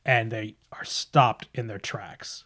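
A man's voice: fairly low pitch, fairly even intonation, takes it slowly, bright, forceful tone. A man narrating a tabletop horror game as game master, in a casual, chatty way that trails off and restarts.

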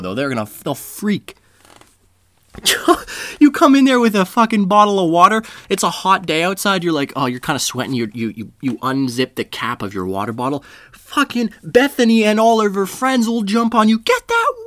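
Man, rambling comedic storyteller, swears a lot, lively swooping pitch, dry close sound. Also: no room sound. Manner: rambling, profane, laughs at his own story.

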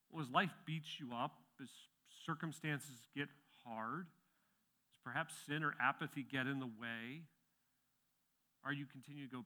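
A man's voice: mid-range voice, fairly even intonation, moderate pace, bright, forceful tone. A middle-aged male pastor delivering a sermon, swelling with emphasis on key phrases and sometimes restarting words.

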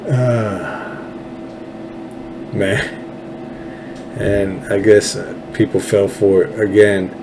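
A man's voice: lowish voice, steady tone, drawn-out words, long pauses, background noise. A Texan man hosting his own show, ranting about politics in an angry, profane, sarcastic way. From Texas. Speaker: political commentary host. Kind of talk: ranting solo commentary.

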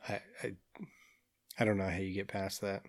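A man's voice: low-pitched, little pitch movement, normal speed. A man co-hosting a casual podcast, reacting with wry jokes. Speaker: podcast co-host. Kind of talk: casual chat.

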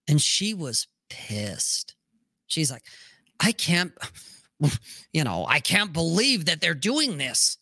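A man hosting a casual talk show, telling stories in a profane, animated way. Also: a little high, slow pace, dry recording, studio quality. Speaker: podcast host. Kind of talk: casual storytelling chat.

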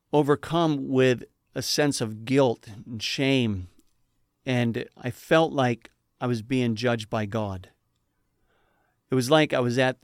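A man's voice: medium pitch, clear, resonant tone, dry recording, studio quality. A man telling his personal testimony in an earnest, emotional way, with preacher-like emphasis. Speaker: speaker giving a personal testimony.

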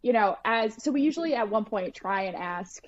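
A woman's voice: medium pitch, expressive, normal speed, no room sound, lo-fi sound. A woman co-hosting a podcast, asking long rambling questions with enthusiasm. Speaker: podcast co-host. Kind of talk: casual interview chat.

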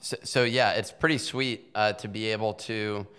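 A man hosting a casual podcast interview, relaxed and joking, and plugging a sponsor code. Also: lowish voice, normal speed, clear, resonant tone. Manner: laid-back, joking, plugs sponsors. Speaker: podcast host.

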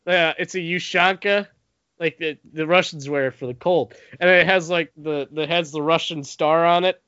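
A man with a high, bright and crisp voice jokes around on a podcast, playing the goofy, naive one. The recording is dry and a bit lo-fi. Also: fairly even intonation, normal speed, dry recording. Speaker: co-host. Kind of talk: casual podcast banter. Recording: dry, dull lo-fi sound.

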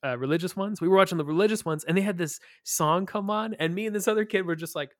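A man's voice: sits high, fast talker, fairly bright tone, no room sound, studio quality. A man guesting on a podcast, telling a crude childhood story in casual chat, full of jokes and filler words. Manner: crude, joking, lots of "like" fillers.

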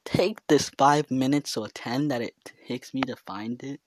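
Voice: mid-range voice, a little slow, dry recording. A vlogger talking alone in their bedroom, rambling and giggly, with filler words all through. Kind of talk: rambling casual monologue to camera. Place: own bedroom.

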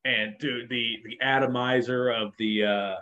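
A man's voice: mid-range voice, fairly even intonation, unhurried, bright, forceful tone. A man co-hosting a casual chat, talking with enthusiasm and rambling through many restarts. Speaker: podcast co-host. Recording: dull lo-fi sound.

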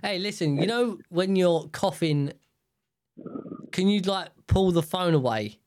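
A man's voice: high-pitched, expressive, a little slow, darkish tone. A young man hosting a podcast in casual chat, rambling and joking with many fillers and restarts. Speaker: podcast host.

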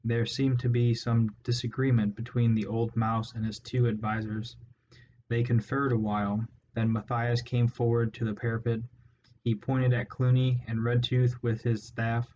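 A man narrates a storybook in a steady, measured way. His pitch barely moves. The recording sounds dull and lo-fi, with a faint hiss beneath it. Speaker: audiobook narrator.

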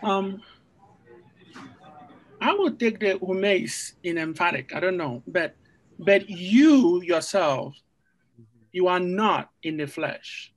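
A high-voiced man speaking slowly as a student joining a class online. He reads aloud and answers hesitantly, unsure of himself. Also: fairly bright tone, rough recording.

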